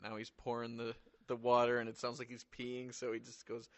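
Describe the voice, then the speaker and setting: A man's voice: medium pitch, monotone, a little fast, no echo. A man co-hosting a podcast, chatting casually about a film and laughing often while retelling scenes. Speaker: podcast co-host. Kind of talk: casual movie review chat.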